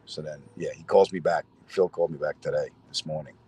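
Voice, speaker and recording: A man's voice: a bass voice, fairly even intonation, a little fast, darkish tone, a little hiss or hum, poor audio. A middle-aged man, a comedian, chatting casually with viewers outdoors in a city square and telling stories with asides to his audience. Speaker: comedian host.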